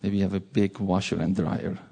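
Male preacher, earnest sermon delivery; dark, mellow tone with a husky grain. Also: low-pitched, level tone, brisk. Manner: earnest, repeats words for stress. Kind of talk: sermon with a personal story.

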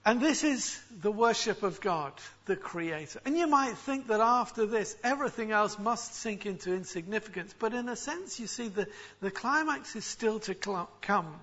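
A man preaching with a very high, bright and forceful voice. He explains his text emphatically and often restarts words mid-phrase. The recording sounds a little dull and lo-fi. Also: expressive, moderate pace. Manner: expository, emphatic, with frequent restarts. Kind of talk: sermon.

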